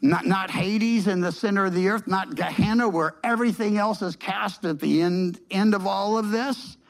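A man's voice: high voice, moderate pace, gravelly. Man preaching a conversational sermon. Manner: conversational, repeats words and restarts often.

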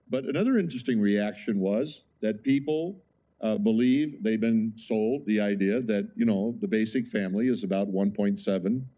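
A man's voice: fairly low pitch, mellow. A man preaching a sermon as pastor, conversational, with frequent rhetorical questions to the congregation.

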